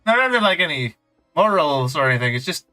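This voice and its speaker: A man with a bright, forceful voice talks through a video game, wandering into chatty, self-mocking asides. His pitch jumps around a lot as he reacts, sitting a little higher than most men. Faint game music plays underneath him. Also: sing-song, brisk, poor audio. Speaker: streamer. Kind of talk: casual gameplay commentary.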